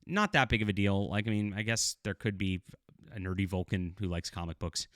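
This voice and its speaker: A man's voice: on the low side, a little fast, fairly bright tone, clear, resonant tone, no echo, studio quality. A middle-aged man giving casual video commentary as a TV show reviewer, blunt and critical, rambling with fillers.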